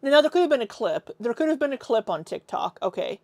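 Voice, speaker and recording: A woman's voice: on the high side, sing-song, fairly quick, a little mellow. A woman hosting a reaction commentary, making sarcastic and skeptical asides. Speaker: commentary channel host.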